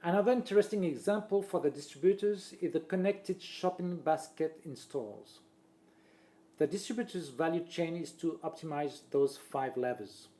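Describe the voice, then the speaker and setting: A man, a presenter reading a marketing talk aloud in a steady voice and listing points one after another. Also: on the high side, normal speed. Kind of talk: read-aloud presentation voice-over.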